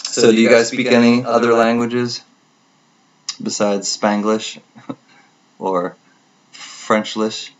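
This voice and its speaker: A man's voice: mid-range voice, little pitch movement, takes it slowly, long pauses. A man hosting a casual livestream chat, rambling and correcting himself as he goes, often laughing. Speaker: livestream host. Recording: dull lo-fi stream audio.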